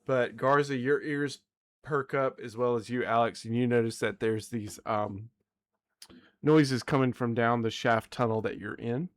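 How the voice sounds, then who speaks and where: Relaxed rambling male dungeon master. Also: mid-range voice, a little slow, no room sound. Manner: relaxed, rambling, self-correcting. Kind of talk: narrating a tabletop game.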